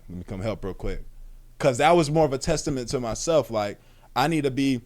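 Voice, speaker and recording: A man's voice: mid-range voice, a little mellow. A young man streaming and reacting to a video, talking casually with lots of slang, swearing and restarts. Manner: rambling, slangy, swears freely, restarts often. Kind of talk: casual chat.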